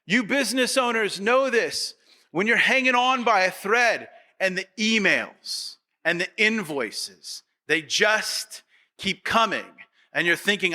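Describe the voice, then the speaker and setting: High-voiced bright preaching man. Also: animated, takes it slowly. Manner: acts out quoted voices of the congregation; repetitive, rhetorical questions to the audience. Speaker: pastor. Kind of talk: sermon.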